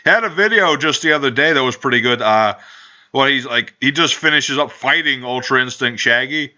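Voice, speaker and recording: Guy hosting a podcast with friends, bright sharp voice, jokey and rambly, muffled lo-fi audio. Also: mid-range voice, a little fast. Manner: joking, rambling, profane. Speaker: podcast host. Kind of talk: casual podcast chat. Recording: dull lo-fi home recording.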